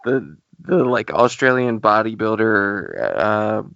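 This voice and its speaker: A man's voice: on the low side, big pitch swings, slow, creaky, a bit bright, no echo. A man co-hosting a podcast, chatting casually and joking, often trailing off mid-thought. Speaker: podcast co-host. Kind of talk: casual chat. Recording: dull, slightly lo-fi dry recording.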